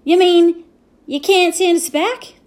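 A woman's voice: very high-pitched, fairly even intonation, takes it slowly, a little mellow, voice pushed up. A woman voicing a grumpy, ever-hungry tiny cowboy man with a rustic, ungrammatical drawl in a storybook reading. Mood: frightened.

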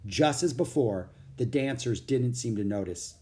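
A man reading a children's book aloud as audiobook narrator, with an expressive, animated storytelling manner. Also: mid-range voice, measured pace.

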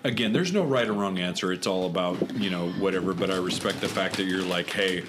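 A man's voice: sits low, fairly quick. A man hosting a late-night casual chat, loose and profane, a bit tipsy from drinking. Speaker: podcast host. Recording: loud background noise.

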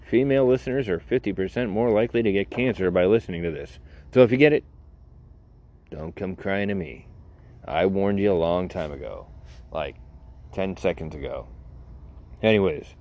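A man's voice: sits low, normal speed, pauses often, darkish tone. A man hosting his own podcast in a casual solo monologue, rambling and joking at his own expense. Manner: rambling, self-deprecating, jokey. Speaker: podcast host.

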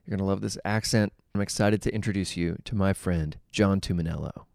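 In a recording studio, a podcast host delivers a scripted intro and casual interview, warm and easygoing with filler words. He has a low-pitched, creaky voice with fairly even intonation, speaking a little fast.

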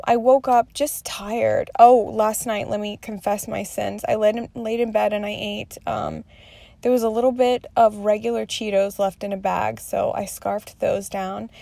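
A woman's voice: mid-range voice, gravelly, dark tone, dry recording. A woman in her thirties talking candidly through her day in a rambling, confessional vlog, swearing freely. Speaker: mother sharing her day.

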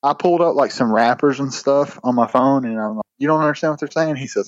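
A man's voice: medium pitch, a little fast, no echo. A man tells a story on a podcast, rambling and cursing through false starts. His voice sits in a middle range and sounds dry and close, with no room around it. The line is a bit dull and lo-fi. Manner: rambling, swears often, many restarts. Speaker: podcast co-host. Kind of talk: casual storytelling chat.

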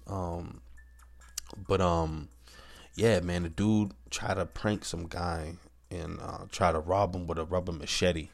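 A man with a very low, deep voice rants straight to camera. He talks bluntly and heatedly, cursing often, stumbling into restarts and tagging lines with "man" and "bro". His delivery is loose and unscripted. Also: gravelly. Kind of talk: profane casual rant.

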